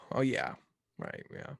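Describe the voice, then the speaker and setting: A man's voice: takes it slowly, dry recording. A young man hosting a casual sports podcast, talking in an easygoing, rambling way. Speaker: podcast host.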